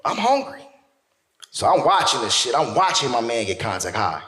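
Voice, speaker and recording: A male stand-up comedian telling a profane story, animated and shouting his punchlines on stage. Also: mid-range voice, moderate pace, roomy sound.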